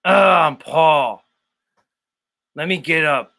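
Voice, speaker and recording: A man doing a mocking impression of a gruff man groaning as he wakes up and gets out of bed. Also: on the high side, takes it slowly, pushed and bright, heavily acted. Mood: grumbling. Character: groggy gruff man just waking up.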